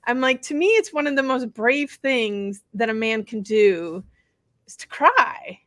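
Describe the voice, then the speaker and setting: A middle-aged woman talks in a casual, rambling way, full of "um" and "you know". Her voice sits a little high and sounds bright and clear. The recording is dry and close, with no room sound. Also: lively intonation, unhurried, dry recording. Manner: chatty, rambling with fillers and restarts. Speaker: podcast co-host and bodywork practitioner. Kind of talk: casual chat.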